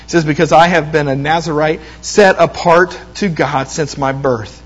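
A man with a notably high voice preaching a sermon. He retells a scripture story with animated quoted lines and often restarts his words. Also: moderate pace, lo-fi sound.

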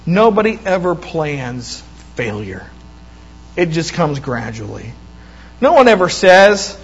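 A man preaching a sermon, retelling a scripture story with lively quoted voices and frequent restarts. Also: fairly high pitch, slow, pauses often, husky, highs cut off.

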